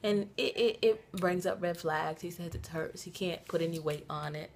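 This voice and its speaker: A woman's voice: on the low side, normal speed, slight background noise. A mother chatting animatedly in a casual vlog, recorded on a phone inside a moving minivan. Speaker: mother and vlogger. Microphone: phone camera.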